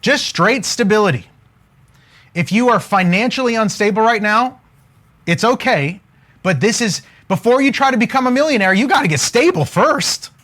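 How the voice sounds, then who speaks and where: On a live stream about wealth, a man with a high-pitched voice talks at a moderate pace. He comes across as energetic and casual, joking with a preacher-like edge while continually prompting viewers to comment.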